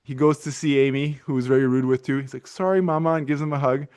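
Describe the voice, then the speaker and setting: A man's voice: mid-range voice, flat delivery, fast talker, darkish tone, clean tone. A middle-aged man hosting a podcast, telling a long story in a casual, rambling way full of restarts and fillers. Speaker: podcast host.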